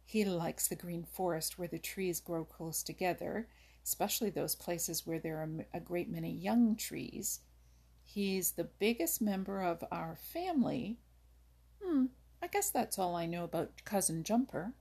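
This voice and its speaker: An earnest, curious young rabbit lists what he knows, keen to please, voiced by a woman reading a storybook. His voice sits higher than the reader's own but stays husky and a little gravelly. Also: lively intonation, unhurried, warm tone, exaggerated voice.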